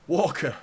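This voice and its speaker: A young man hosts a live football watchalong on his fan channel, giving casual match commentary. He's chatty, swears a lot and reads out the super chats viewers send in.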